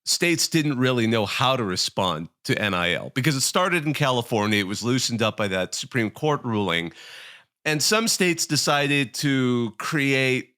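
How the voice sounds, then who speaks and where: Bright-voiced man explaining as guest. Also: mid-range voice, expressive, measured pace, clean tone. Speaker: guest analyst. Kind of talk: podcast explanation.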